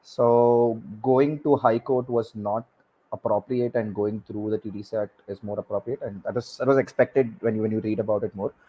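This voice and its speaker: A man, speaking as a guest expert on a panel, halting and repeating words with many fillers. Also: fairly low pitch, fairly even intonation, breathy edge, highs cut off. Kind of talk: panel discussion.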